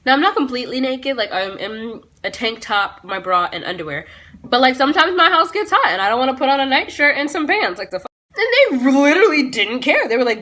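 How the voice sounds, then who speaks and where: A teenage girl telling a storytime on her vlog in a bright, crisp, slightly high voice. She is blunt and sassy, swears freely, and breaks off into quick self-aware asides. The delivery is casual and chatty throughout. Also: animated. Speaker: vlogger.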